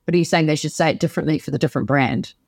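A woman's voice: sits low, racing, a little mellow, no room sound, clean studio sound. A woman co-hosting a podcast, chatting enthusiastically and rambling with plenty of fillers. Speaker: podcast co-host. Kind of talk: casual chat.

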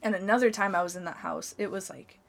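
A young woman co-hosts a casual podcast and drifts through her stories, dropping "like" into nearly every sentence. Her pitch sits at an ordinary middle height for a woman. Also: fast, creaky. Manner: rambling storyteller, heavy on filler "like". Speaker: podcast co-host.

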